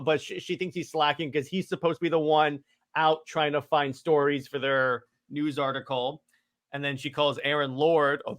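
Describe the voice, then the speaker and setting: A man's voice: a little high, bright, forceful tone. A man co-hosting a casual comic book podcast, enthusiastic, laughing often and tripping over his words. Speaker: podcast co-host.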